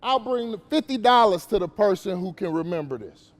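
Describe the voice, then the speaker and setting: A man's voice: high voice, lively intonation, fairly quick, big-room sound. A man giving a casual, slangy motivational talk to young players at a basketball camp, questioning the kids as he goes.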